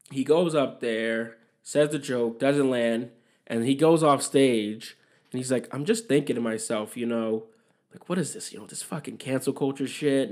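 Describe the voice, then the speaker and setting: A young man rambles through a casual solo podcast monologue. His voice sits at a middle pitch, and he swears freely as he airs his opinions. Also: a little mellow. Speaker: podcast host.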